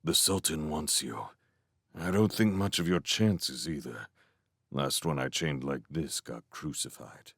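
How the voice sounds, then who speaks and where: A grim blacksmith who mutters darkly under his breath, as a man plays him. The voice sinks low and soft, recorded in a dry space. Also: a little slow, slightly rough, dry recording, exaggerated voice. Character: grim murmuring male smith.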